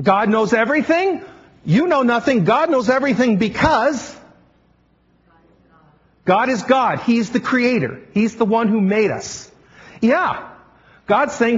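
A man's voice: very high-pitched, big pitch swings, unhurried. A man preaching a sermon in a playful teacher style, quizzing his congregation as if they were a class. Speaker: pastor. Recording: dull lo-fi recording.

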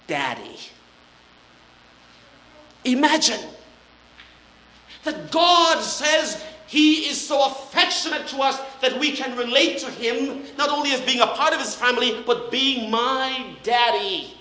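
An older man preaching a sermon as a pastor, earnest and then dropping to soft, awed tones. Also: very high voice. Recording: roomy hall echo.

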